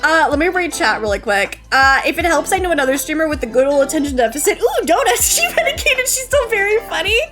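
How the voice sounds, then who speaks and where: Bubbly high-voiced woman streamer, giggly. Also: sing-song, fast talker, hardly any pauses, fairly bright tone, faint music behind. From United States. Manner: giggly, bubbly, swings between squeals and low mumbles. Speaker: VTuber streamer. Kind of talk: casual stream chat, reading chat.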